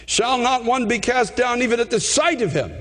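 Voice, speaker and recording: A man preaching a fervent sermon, often repeating himself and rising to shouts. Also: very high voice, animated, normal speed, long reverb tail.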